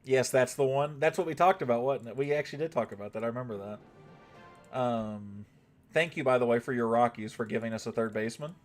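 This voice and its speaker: A man's voice: mid-range voice, a little fast, faint music behind. A young man streaming a mobile game, chatting casually with viewers and swearing now and then. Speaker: gaming livestreamer. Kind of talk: casual live-stream chat.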